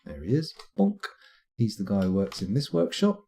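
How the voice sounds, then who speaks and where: A middle-aged British man rambles through his game on a live stream, chatting and making fun of himself. His slightly low voice is dark, mellow and a touch husky, with a sing-song lilt at a normal pace.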